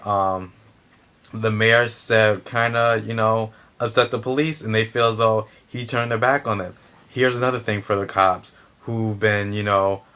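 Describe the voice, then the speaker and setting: Man, low voice, tense forceful edge, heated blunt vlog rant, swearing. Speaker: vlogger. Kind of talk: opinion rant to camera.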